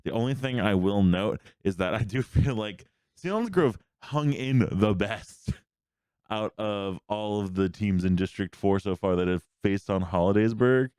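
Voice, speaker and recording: A man hosting a casual sports podcast, quickly rattling off game scores in a rambling way. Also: on the low side, animated, darkish tone, clean tone, dry recording, studio quality. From Pennsylvania. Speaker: host.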